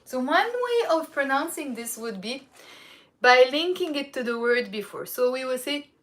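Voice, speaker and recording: A woman with a Lebanese accent giving a casual language lesson, chatty, repeating phrases slowly and checking in with "okay?" often. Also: high-pitched, lively intonation, fairly bright tone. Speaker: Arabic teacher.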